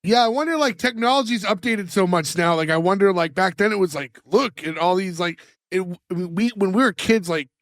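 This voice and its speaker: A man's voice: sits high, fairly quick, few pauses, a bit bright, no room sound. A man, co-hosting a podcast in rambling casual chat, full of fillers and put-on quotes. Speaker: podcast co-host.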